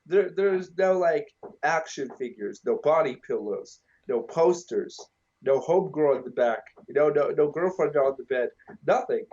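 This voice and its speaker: Casting note: young male co-host, crude joking banter, slightly high voice, muffled lo-fi call audio. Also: animated, moderate pace, darkish tone. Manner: crude, joking, rambling trash talk. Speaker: podcast co-host. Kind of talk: casual meme podcast chat.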